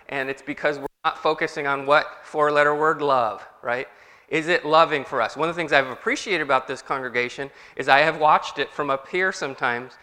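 A man preaching to his congregation in a relaxed, conversational way, often asking them questions. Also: fairly high pitch, in a large hall. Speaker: pastor. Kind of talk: sermon. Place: church hall.

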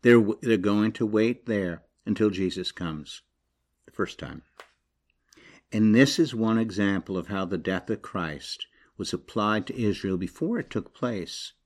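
A middle-aged man preaching a sermon. He reads scripture and builds to loud, high, emphatic passages, then drops low and quiet. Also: unhurried.

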